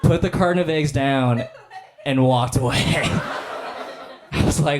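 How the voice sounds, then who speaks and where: A young man doing stand-up comedy on stage for a live audience. His delivery is laid-back and self-deprecating, full of fillers. His voice sits at an ordinary middle pitch for a man. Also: takes it slowly, pauses often, background noise.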